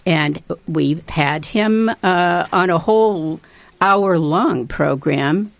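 A woman hosting a local radio show, introducing guests in a halting, self-deprecating way. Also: fairly low pitch, gravelly, dry recording. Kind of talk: unscripted studio talk introducing guests.

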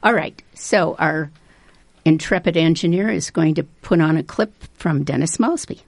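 Gravelly low-voiced woman hosting a radio show. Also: a little mellow, no room sound. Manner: halting, self-deprecating, chuckles often. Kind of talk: unscripted studio talk introducing guests.

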